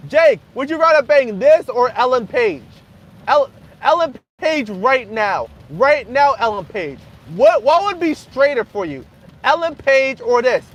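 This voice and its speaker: A young man hosting a casual livestream, joking crudely and half-yelling to be heard over loud background noise. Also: very high voice, sing-song, measured pace, muffled recording. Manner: crude joking, frequent laughter. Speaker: livestream host. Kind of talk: casual livestream chat with viewers.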